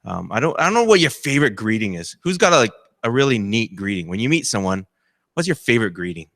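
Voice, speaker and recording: A campus chaplain preaches a sermon in a low-leaning, slightly bright voice with big pitch swings and a quick pace, captured in studio quality with no room sound. He keeps it conversational, asks the congregation questions, and acts out quoted voices.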